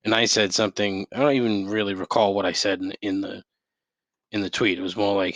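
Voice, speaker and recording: A man's voice: lowish voice, flat delivery, fairly quick, fairly bright tone, dry recording. A man hosting a solo podcast from home, ranting in a profane, rambling way with many restarts and sudden heated outbursts. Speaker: podcast host.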